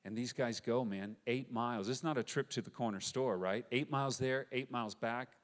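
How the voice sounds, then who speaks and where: A man preaching a sermon, retelling a story with animated, conversational energy and acting out the quoted voices. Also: mid-range voice, normal speed. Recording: long hall reverb.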